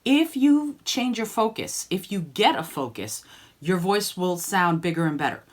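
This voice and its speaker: A woman's voice: fairly low pitch, lively intonation, unhurried. A woman singing teacher coaching students by name in an online group lesson, encouraging them and demonstrating sung vowels.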